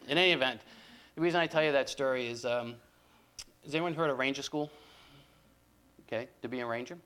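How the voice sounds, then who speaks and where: A man's voice: medium pitch, fast, long pauses, a bit bright, slight background noise. An older man giving a talk to journalism students, telling stories in a conversational way with frequent restarts and asides. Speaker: guest speaker.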